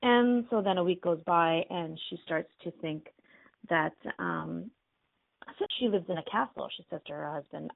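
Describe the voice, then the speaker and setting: Chatty, gravelly-voiced woman host. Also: lowish voice, normal speed, dry recording. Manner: chatty, lots of "like" and "you know". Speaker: radio show host. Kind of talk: casual fairy-tale retelling. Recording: dry, tinny phone-like line.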